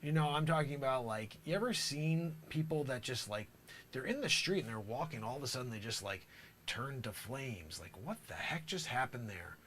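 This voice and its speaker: A man's voice: mid-range voice, lively intonation, normal speed, a bit bright, a little hiss or hum. A man improvising a comedic monologue as a self-styled time traveler, rambling with conspiratorial asides. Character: self-proclaimed man from the future, boastful.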